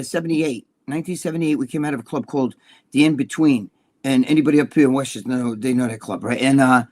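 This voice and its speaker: Foul-mouthed, fast-talking older man. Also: on the high side. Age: 60s. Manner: profane, animated storytelling. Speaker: co-host. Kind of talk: casual live-stream chat.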